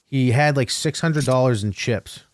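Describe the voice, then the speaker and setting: A man's voice: medium pitch, moderate pace, no echo, studio quality. A man co-hosting a casual chat, telling rambling stories with frequent laughter. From New England. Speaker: podcast co-host.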